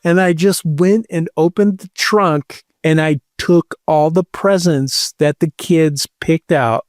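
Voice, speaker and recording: A man's voice: on the high side, steady tone, takes it slowly, no room sound, studio quality. A middle-aged man casually telling a long personal story, rambling and swearing with lots of "like". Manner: rambling, swearing, many likes. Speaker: podcast host.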